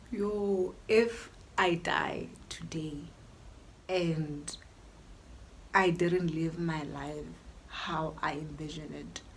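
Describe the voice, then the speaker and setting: Brief: young South African woman, YouTuber, lower register, opinionated and chatty, faint hiss under the voice. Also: a bit bright. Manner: chatty and opinionated, mixing in local languages. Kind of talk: casual Q&A vlog.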